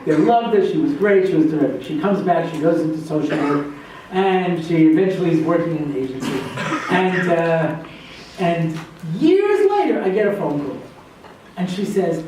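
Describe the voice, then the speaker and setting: A male rabbi telling a story to a group of students, acting out the dialogue and jumping his pitch for the other voices. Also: lively intonation, a little fast, warm tone, far from the mic. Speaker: rabbi and lecturer. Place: lecture hall with laughing audience. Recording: echoey hall, voice from afar, faint noise. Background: audience laughter.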